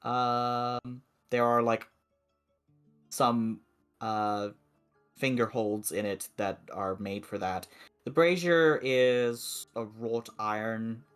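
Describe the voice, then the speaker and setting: A man narrating as game master of a tabletop game, describing the scene slowly with many pauses and fillers. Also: medium pitch, fairly bright tone, smooth, soft background music.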